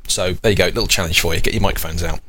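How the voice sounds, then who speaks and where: A man's voice: sits low, steady tone, racing, sharp tone. A man in his thirties hosting a podcast, rambling chattily and correcting himself along the way. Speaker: podcast host. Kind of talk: casual chat.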